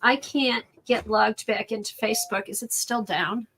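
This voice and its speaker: A woman's voice: on the high side, steady tone, normal speed, a bit bright, a little hiss or hum. A woman hosting a casual art livestream, chatting and relaying viewer comments to her guest. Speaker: livestream host reading chat.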